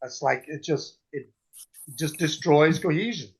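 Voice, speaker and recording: A man in casual chat, retelling a story in a halting, earnest way with many fillers. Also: a little high, breathy edge. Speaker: veteran, panel member. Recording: dull lo-fi recording.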